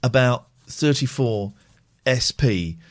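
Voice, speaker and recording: A man's voice: mid-range voice, lively intonation, slow pace. A man hosting a late-night phone-in show, chatting casually, teasing callers and reading sponsor plugs. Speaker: radio phone-in host.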